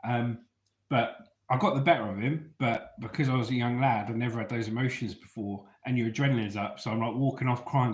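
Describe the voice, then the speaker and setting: A man's voice: mid-range voice, fairly quick. A man from England, telling stories from his youth to an online audience in a chatty way, often checking in with his listeners. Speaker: storyteller vlogger. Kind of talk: casual storytelling to an online audience. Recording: roomy echo.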